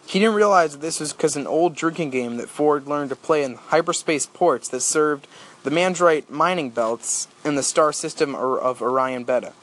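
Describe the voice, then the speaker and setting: A man reading a novel aloud in a steady storytelling manner. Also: on the high side, moderate pace. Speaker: audiobook reader. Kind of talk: audiobook narration.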